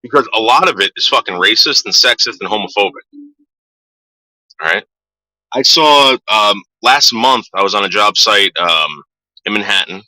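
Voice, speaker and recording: A man's voice: fairly low pitch, animated, normal speed, pushed and bright, no echo, rough recording. A middle-aged man ranting casually to his viewers, swearing a lot and stumbling over repeated words. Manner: profane, stammering repeats. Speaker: vlogger. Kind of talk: casual rant.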